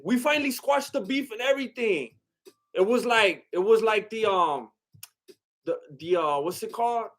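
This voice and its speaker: Man, high voice, Mexican-American accent, casual stream chat, rambling, laughs a lot. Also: expressive, normal speed. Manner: rambling, laughs often, many fillers.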